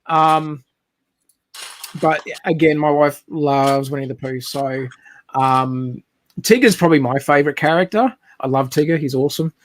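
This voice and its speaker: A man's voice: fairly high pitch, a little slow, no echo. A man telling a long, rambling story in casual chat, speaking over a video call.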